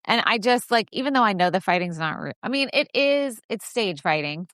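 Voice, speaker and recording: A woman's voice: mid-range voice, lively intonation, a little fast, a bit bright, no echo, studio quality. A woman co-hosting a podcast in casual chat, blunt and slangy, with emphatic reactions. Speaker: podcast co-host.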